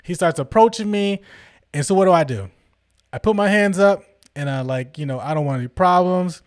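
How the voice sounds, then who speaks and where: A man's voice: high voice, expressive, moderate pace, darkish tone, no room sound, studio quality. A young man hosting a podcast, telling a story casually and with animation, acting out the people he quotes in a slangy way. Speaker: podcast host.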